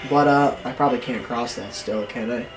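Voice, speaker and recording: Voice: mid-range voice, fairly quick. Rambling gameplay storyteller, faint music. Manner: rambling, animated, acts out quotes in raised voices. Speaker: gameplay commentator. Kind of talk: casual storytelling over gameplay.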